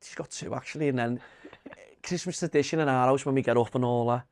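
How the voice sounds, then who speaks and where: An older man with a Liverpool accent, co-hosting a casual podcast chat, swearing freely and telling animated stories. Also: mid-range voice, quick pace, gravelly, no room sound, studio quality. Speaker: podcast co-host.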